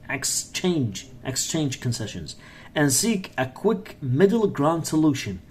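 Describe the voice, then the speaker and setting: A man's voice: a little high, big pitch swings, slow pace, slight background noise. A man whose first language is Arabic teaches English vocabulary, reading a text aloud and repeating words with example sentences. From Iraq.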